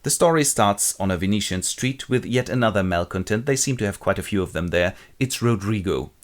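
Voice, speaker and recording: A man with a low voice that moves lively up and down, narrating a comic retelling of a classic play. He is wry and sardonic throughout. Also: fairly quick.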